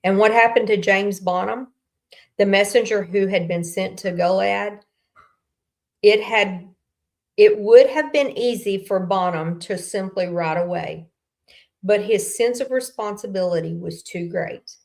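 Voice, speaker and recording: A woman's voice: medium pitch, unhurried, vocal fry. Folksy woman telling a story. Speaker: host. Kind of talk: casual faith talk.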